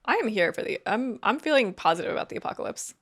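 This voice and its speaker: A woman's voice: on the high side, animated, fast, a bit bright. A woman co-hosting a casual podcast chat, upbeat and chatty, explaining with lots of fillers. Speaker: podcast co-host.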